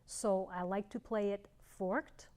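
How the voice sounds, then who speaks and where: A middle-aged woman teaching clarinet, explaining fingerings in a clear, measured way with pauses. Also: medium pitch, fairly even intonation, darkish tone. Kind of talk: instructional demonstration.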